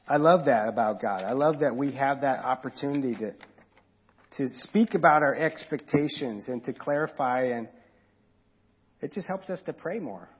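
A man preaching a sermon in a conversational way, now and then acting out quoted voices louder and higher. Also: husky, lo-fi sound. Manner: conversational, acts out quoted voices with rising pitch and volume. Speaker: pastor.

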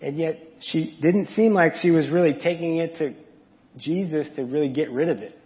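A man's voice: on the high side, moderate pace. A man giving a candid, conversational sermon to a congregation, asking them questions and adding asides. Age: adult parent. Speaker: preacher. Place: church sanctuary. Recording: dull audio with long hall reverb.

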